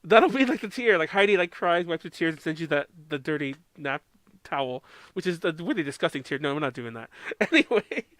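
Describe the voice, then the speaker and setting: A man's voice: fairly high pitch, expressive, fairly quick, a bit bright, dry recording. An American man co-hosting a podcast in casual chat, rambling, laughing often and swearing freely. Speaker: podcast co-host.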